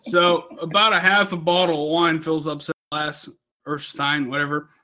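A man's voice: a little high, little pitch movement, normal speed, pushed and bright. A man telling a rambling, profane story on a podcast, drunk and laughing through his own anecdote. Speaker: podcast co-host.

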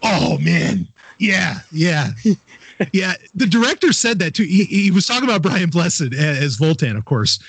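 Man, podcast host, casual chat, enthusiastic, restarts a lot, higher pitch. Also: lively intonation, a little slow, vocal fry, fairly bright tone, slightly rough, no room sound.

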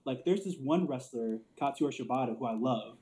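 A man's voice: mid-range voice, animated, moderate pace, dark tone, rough recording. A man telling wrestling stories in casual chat, loose and profane, laughing often and filling with "like". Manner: loose storyteller, swears a lot, laughs often, many "like" fillers. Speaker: podcast co-host.

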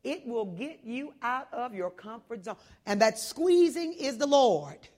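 Woman preacher, loud, kinda high voice, goes quiet then big again. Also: sing-song, a little slow. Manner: loud, swings between hushed and shouting. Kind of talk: sermon.

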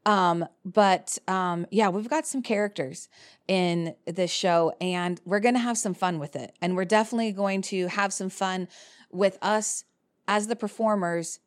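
A woman in her thirties chats as a guest, telling lively stories from the stage world. Her voice sits at a middle pitch, and she laughs often. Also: measured pace. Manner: animated storyteller, laughs often. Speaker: cabaret performer and director. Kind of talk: casual chat.

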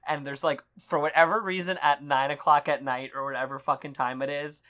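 A woman's voice: sits low, steady tone, fairly quick, a bit bright. A young woman co-hosting a podcast, chatting casually about movies with lots of fillers and frequent laughter. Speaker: podcast co-host.

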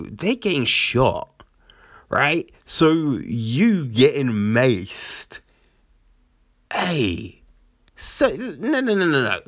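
A man's voice: a little high, a bit bright, dry recording, clean studio sound. A man ranting about the news in a casual, sarcastic and profane way, often asking "right?". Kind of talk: casual commentary rant.

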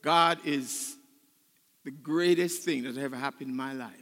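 An older man preaching a sermon as pastor, choked up and emotional, building to loud, fervent passages. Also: medium pitch, unhurried, long reverb tail. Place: church sanctuary.

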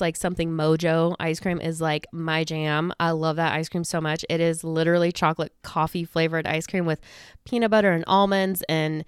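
A woman's voice: lowish voice, clean tone, no room sound. A young woman hosting a podcast in casual chat. She rambles with lots of fillers and restarts and sounds a little out of breath, close to the microphone. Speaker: podcast host. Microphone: studio microphone close to the face.

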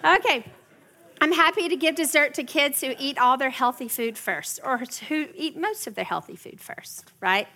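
A woman's voice: high voice, normal speed, bright, forceful tone. A middle-aged woman teaching a parenting class in a chatty way, often checking in with her listeners. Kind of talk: workshop teaching to a live group.

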